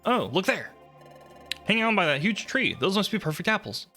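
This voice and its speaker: An earnest young explorer calls out eagerly in a lifted voice, played by a man reading a game aloud. The tone is bright and lively, with faint music behind. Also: high voice, brisk, pitched above the performer's own voice, exaggerated voice.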